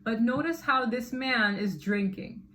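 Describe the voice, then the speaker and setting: A woman giving a casual tarot reading to camera, chatty and animated, often laughing and exclaiming. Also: fairly high pitch, measured pace, over a noisy crowd. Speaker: tarot reader.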